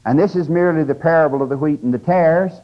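An older man delivers a religious lecture that's conversational yet emphatic, stepping aside now and then to teach his audience. His voice runs on the high side and he talks quickly. The recording has the dull, lo-fi sound of a lecture tape.

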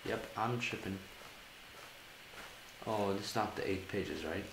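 A man's voice: lowish voice, a little slow, vocal fry, roomy sound, noisy background. A man giving let's-play commentary on a horror game, jumpy and swearing, talking to himself as he plays. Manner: jumpy, swearing, talks to himself while playing. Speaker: gaming channel host.

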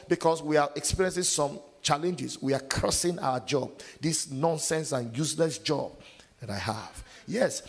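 A male preacher with a slightly high, husky voice works the congregation, leaving verses unfinished for them to answer. His sermon rings through a hall with a long reverb tail. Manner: call-and-response preaching, asks the congregation to finish verses; acts out scenes in loud sudden shouts. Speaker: pastor.

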